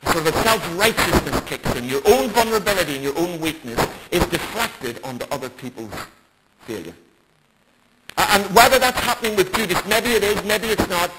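A man preaching a bible study sermon in an emphatic way, with rhetorical questions. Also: high-pitched. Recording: loud background noise.

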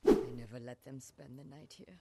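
A woman's voice: very deep voice, fairly quick, gravelly, dark tone. Grieving samurai mother. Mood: solemn. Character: grieving older samurai mother, stern and composed.

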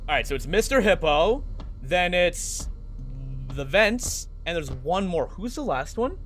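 A young man livestreaming a video game, chatting with viewers and excitedly coaxing the characters on screen. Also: sits high, moderate pace. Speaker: gaming streamer. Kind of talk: casual livestream gameplay commentary.

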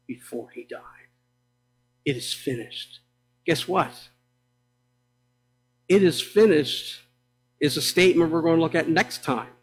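A man with a high voice preaches slowly and deliberately in a church sanctuary. He lingers on phrases with dramatic pauses, rising to loud declarations and dropping to hushed tones. A faint hum sits under the recording. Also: low-quality recording. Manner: swings between loud proclaiming and hushed low delivery. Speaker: pastor. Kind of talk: sermon.

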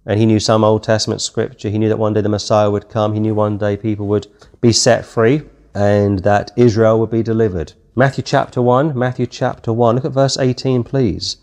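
A man's voice: on the low side, flat delivery, moderate pace, a little mellow. British man teaching a conversational Bible study. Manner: conversational, reads scripture aloud in King James wording. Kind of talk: verse-by-verse Bible study sermon.

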